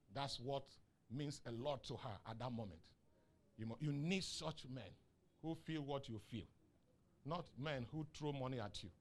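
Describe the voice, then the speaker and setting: A Nigerian man preaching a sermon, asking the congregation questions and rising into shouts on key lines. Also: medium pitch. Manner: asks the crowd questions and waits for answers. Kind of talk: sermon with call and response.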